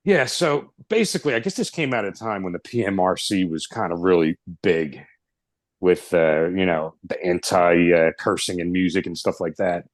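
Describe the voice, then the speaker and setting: Middle-aged male panelist, low-ish voice, rambling and halting, dry close mic. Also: no room sound. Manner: rambling, hesitant. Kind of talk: casual album review chat.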